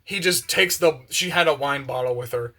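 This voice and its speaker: A young man chatting casually and excitedly, full of slang and fillers, while doing the dishes in his kitchen. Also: medium pitch, moderate pace. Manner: excited, slangy, many fillers, acts out quotes. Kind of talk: casual rambling monologue. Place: home kitchen with open windows.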